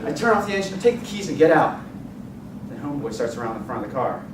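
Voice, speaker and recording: A man giving a dramatic storytelling speech at a contest, telling it with vivid, expressive delivery. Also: a little high, fast talker. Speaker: contest speaker. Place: contest hall stage. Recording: echoey hall, distant mic, noisy.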